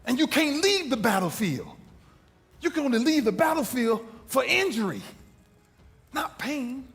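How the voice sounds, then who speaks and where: A high-voiced man tells a story with wild swings of pitch, building each point through emphatic repetition. His voice rings out with a long reverb, and soft music plays underneath. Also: big pitch swings, measured pace. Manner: emphatic, repeats phrases for rhythm. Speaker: motivational speaker. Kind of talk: dramatic storytelling speech. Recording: reverberant hall with faint music.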